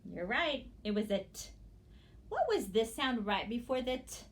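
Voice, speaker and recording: A woman teacher giving a phonics lesson to young children, sounding out words slowly and praising often. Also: a little high, big pitch swings. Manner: slow, exaggerated sounding-out of words; encouraging praise.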